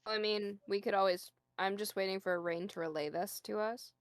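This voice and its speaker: A woman's voice: medium pitch, steady tone, moderate pace, dry recording, clean studio sound. A woman playing in a tabletop game, planning aloud in a practical way. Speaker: player.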